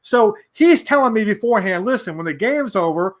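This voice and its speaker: A man in his forties from New York, a podcast guest telling a rambling, animated anecdote full of restarts. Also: high-pitched, fairly quick. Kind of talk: casual storytelling.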